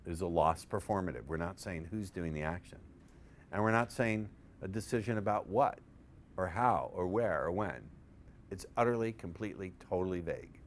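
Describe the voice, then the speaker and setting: A man's voice: sits low, moderate pace, a little hiss or hum. A man presenting a live seminar on persuasion, playful and profane, quizzing his audience with questions.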